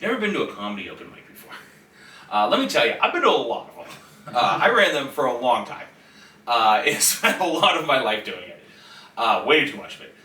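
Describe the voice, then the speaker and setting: A man, a comedian guest on a podcast, telling a story in an animated, restless way with quick restarts. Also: medium pitch.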